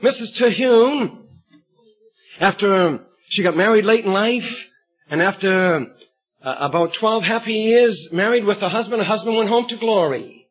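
High-voiced husky preacher, lo-fi. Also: male voice. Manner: emphatic storytelling, bursts of shouted emphasis. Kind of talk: sermon with illustrative story. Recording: dull lo-fi recording.

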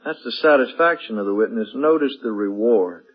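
Husky guy preaching, voice swings all over, kinda dull lo-fi sound. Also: medium pitch, lively intonation, normal speed. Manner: emphatic, repeats and builds phrases. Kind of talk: sermon.

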